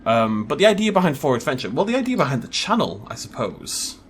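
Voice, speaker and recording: Lively chatty man. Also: mid-range voice, fast talker, a little hiss or hum. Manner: chatty, joking, laughs often. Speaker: gaming YouTuber. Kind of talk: casual gameplay commentary.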